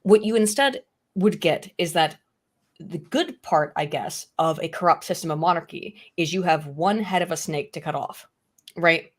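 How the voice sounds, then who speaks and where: A woman's voice: fairly low pitch, normal speed. A woman, a guest in a casual livestream debate, arguing emphatically and swearing freely.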